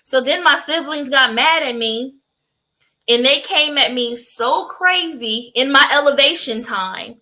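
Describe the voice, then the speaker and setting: Female co-host, bright slightly high voice, emphatic casual storyteller. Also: a little slow, low-quality recording. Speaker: podcast co-host. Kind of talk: casual chat.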